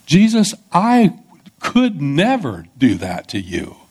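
A man voicing an earnest male disciple who pleads and insists that he will stay loyal, with a husky voice, within a sermon. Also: on the high side, huge pitch swings, takes it slowly, darkish tone, pitched above the performer's own voice, heavily acted. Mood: fervent pleading. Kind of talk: acted-out scripture in a sermon.

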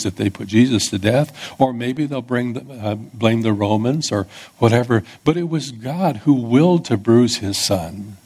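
A pastor preaching an expository sermon in a conversational teaching manner, with small restarts. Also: male voice, mid-range voice, darkish tone, husky.

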